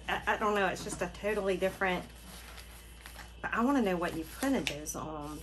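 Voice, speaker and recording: Gushing woman, slow unhurried talk. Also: mid-range voice, noisy background. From Florida, USA. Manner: gushing, excitable, gasping, repeats "oh my gosh". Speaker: craft channel host. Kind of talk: casual unboxing vlog.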